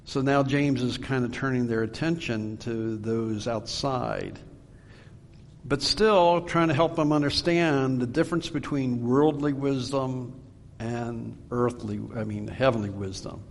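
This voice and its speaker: A man preaching a Bible-teaching sermon, earnest and emphatic, slowing down for scripture readings. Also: medium pitch, long reverb tail, a little hiss or hum. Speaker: pastor.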